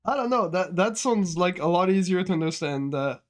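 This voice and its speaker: A man's voice: high-pitched, lively intonation, fairly quick. A man chatting casually on stream, bluntly reacting to clips and swearing now and then. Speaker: speedrun streamer.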